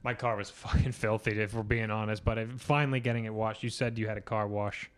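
A man co-hosting a podcast in casual chat, animated and quick to swear. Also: lowish voice, clear, resonant tone. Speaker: podcast co-host.

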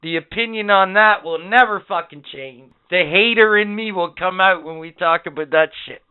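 A man's voice: high-pitched, normal speed, smooth. A man co-hosting a podcast, boisterous and profane, laughing often and ranting in casual banter. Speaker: podcast co-host. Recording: tinny lo-fi recording.

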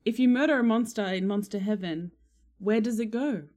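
A woman voicing a stiff, deadpan male angel in a dry, measured delivery. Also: on the high side, natural voice.

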